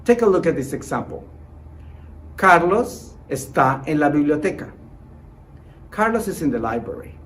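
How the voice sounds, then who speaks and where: A man teaching a recorded online lesson as a Spanish teacher, encouraging his students and modelling example sentences slowly and clearly. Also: on the high side, very animated, fairly bright tone, low-quality recording. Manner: encouraging, repeats short praise and reassurance.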